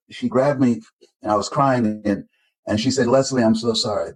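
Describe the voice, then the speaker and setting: An older man from Florida in the United States, a motivational speaker, tells stories in an interview and acts out the voices of the people he quotes, with emphatic delivery. His voice is mid-range, darkish and slightly rough. The recording quality is low.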